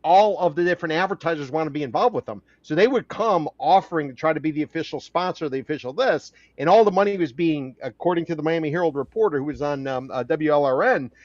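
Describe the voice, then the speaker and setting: A man's voice: on the high side, quick pace, hardly any pauses, no echo. A man co-hosting a podcast in casual chat, rambling with lots of fillers and restarts. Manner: rambling, with many fillers and repeats. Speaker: podcast co-host. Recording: dry, slightly dull audio.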